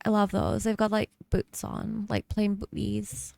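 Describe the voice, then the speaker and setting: Woman, bubbly slang-heavy roleplay chat, lively swooping pitch, gravelly fry, dry close sound. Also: a little slow, no room sound. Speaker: streamer playing a police officer.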